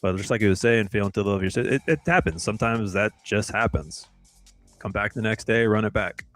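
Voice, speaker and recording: A man with a fairly low voice co-hosts a live trading stream, speaking in a casual, laid-back way. He repeats words and lets his phrases drawl, with faint music playing behind him. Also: brisk, a bit bright.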